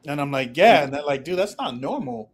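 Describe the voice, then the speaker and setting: A man's voice: a little high, big pitch swings. A man in casual chat, thinking back on growing up, often stopping and restarting his sentences. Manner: halting, many restarts, reflective.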